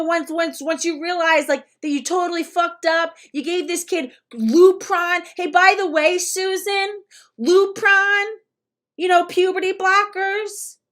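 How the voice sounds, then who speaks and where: A woman's voice: extremely high pitch, a bit bright. A woman ranting angrily and profanely at someone she addresses directly, often repeating herself and restarting mid-sentence. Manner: repetitive, stumbling restarts.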